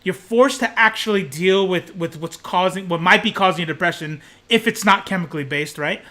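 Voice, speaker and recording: A young man co-hosting a casual live stream, animated and rambling, swearing freely. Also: sits high, a little fast. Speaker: co-host of a comics podcast.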